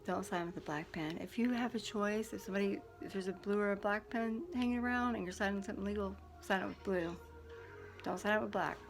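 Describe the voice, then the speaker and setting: A woman recounts a run-in for her viewers, talking bluntly and with clear indignation. She is chatty and quick to editorialize. Music plays clearly behind her voice. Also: mid-range voice. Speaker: vlogger. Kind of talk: casual storytelling to camera.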